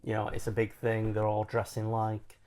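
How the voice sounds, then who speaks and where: A man co-hosting a podcast, telling stories in relaxed, jokey banter. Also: on the low side, moderate pace. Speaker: podcast co-host. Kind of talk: casual chat.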